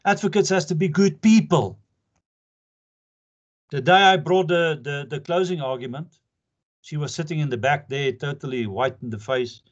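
A man's voice: fairly high pitch, moderate pace, pauses often. Chatty older man lecturing, lo-fi sound. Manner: chatty, jokey, earnest, laughs often. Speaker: advocate lecturing pupils. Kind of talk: informal lecture with anecdotes. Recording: dull lo-fi lecture recording.

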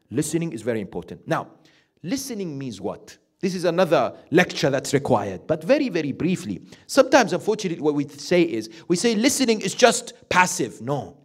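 A male preacher giving a lecture, his voice sitting a little high and swinging widely up and down. He questions his listeners and voices the parents he describes. Quick Arabic recitations come between his English points. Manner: animated, asks the audience questions and acts out quoted parents. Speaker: sheikh giving a Muharram lecture. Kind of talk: sermon.

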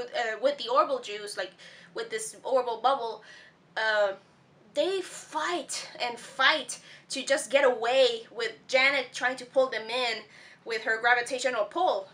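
Woman rambling about a cartoon ep, lots of ums, kinda high voice, a bit far from the mic. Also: pushed and bright. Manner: rambling, with many fillers and laughs. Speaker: cartoon reviewer. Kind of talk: casual episode recap vlog.

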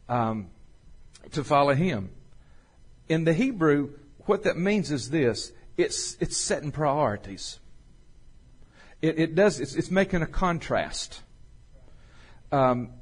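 A man preaching a sermon as pastor, slowing and swelling when he reads scripture. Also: a little high. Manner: folksy, swells louder and slower on scripture.

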